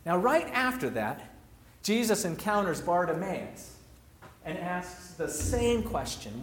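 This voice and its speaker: A man's voice: sits high, sing-song, slow, roomy sound, slight background noise. A man preaching a sermon, retelling a story and sharing personal reflections in a reflective, storytelling manner.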